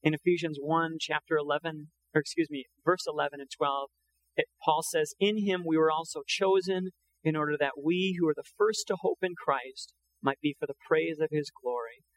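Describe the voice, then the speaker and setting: A man's voice: a little high, fairly even intonation, normal speed, a little hiss or hum, rough recording. A man preaching a sermon in an earnest, conversational way, often quoting scripture. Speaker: pastor.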